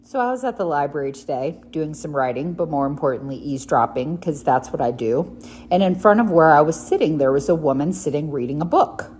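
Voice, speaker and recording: A woman's voice: low-pitched, lively intonation, fairly quick, darkish tone, a little hiss or hum. A woman telling a story in a vlog, chatty and wry.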